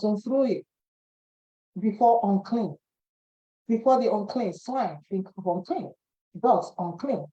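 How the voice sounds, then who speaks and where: A woman giving a devotional Bible teaching, animated, repeating phrases and acting out quoted voices. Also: mid-range voice. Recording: dull lo-fi recording.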